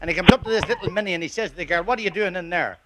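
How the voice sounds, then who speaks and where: A man telling jokes as stand-up stories, slowing to a deadpan build before each punchline. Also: sits high, heavy background noise. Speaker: stand-up comedian. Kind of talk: stand-up storytelling.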